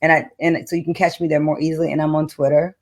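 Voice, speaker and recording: A woman's voice: low voice, flat delivery, fast talker. Middle-aged woman, rhythmic spoken-word poet. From Detroit, United States. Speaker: poet, guest author. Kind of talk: spoken-word poetry reading and conversation.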